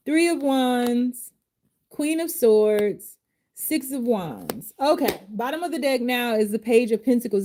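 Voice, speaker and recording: Woman tarot reader live, casual slangy and heartfelt; raised pitch, warm mellow tone. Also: a little slow. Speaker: tarot reader and life coach.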